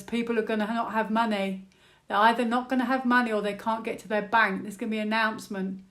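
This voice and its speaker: A British woman doing a tarot reading, thinking out loud, exclaiming and repeating words as she turns cards. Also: mid-range voice. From United Kingdom. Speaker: tarot reader.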